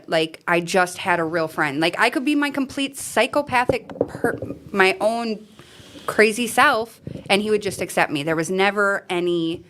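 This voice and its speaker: A woman's voice: lowish voice, fairly bright tone. A woman guest speaking in a casual recovery chat, telling rambling, profane stories full of fillers.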